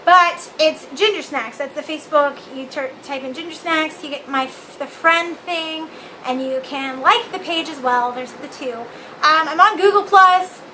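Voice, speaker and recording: A woman's voice: sits high, unhurried, pushed and bright, a little hiss or hum, poor audio. A young woman vlogging from her living room on a phone, ranting candidly with swearing and self-mockery. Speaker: vlog host. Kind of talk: casual opinion rant to camera.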